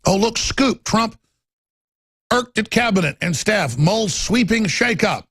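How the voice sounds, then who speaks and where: Gravelly, husky-voiced male talk radio host. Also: sits high, lively intonation, takes it slowly, no room sound. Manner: impassioned ranting, swings from loud to muttering.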